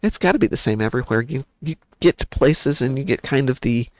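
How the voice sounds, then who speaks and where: A man's voice: mid-range voice, animated, a little fast, no room sound, low-quality recording. A man with a Midwest accent, hosting a game stream and telling stories in casual chat. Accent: American Midwest. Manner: chatty storyteller. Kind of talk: casual chat while gaming.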